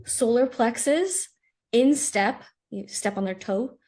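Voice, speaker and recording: A woman's voice: fairly high pitch, animated, takes it slowly, dark tone. A young woman co-hosting a podcast, chatting casually and laughing along as she listens. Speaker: podcast co-host. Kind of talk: casual chat.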